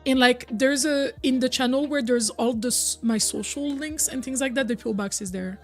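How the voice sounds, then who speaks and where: Faint music plays behind a young woman streaming a game at a moderate pace, her voice sitting high. She's still getting over a cold and keeps things chatty, answering what viewers write and humming or singing in bits.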